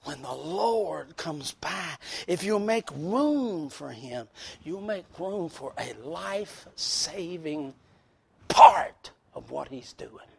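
A man preaching a sermon in a folksy, plain-spoken way, swinging from hushed, intimate lows to loud shouted peaks. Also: expressive, takes it slowly, creaky, slightly rough.

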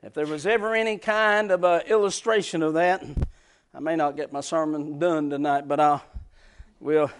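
A man preaching a sermon as pastor, impassioned, repeating phrases and building up to shouting. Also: fairly high pitch, steady tone, moderate pace, clear, resonant tone.

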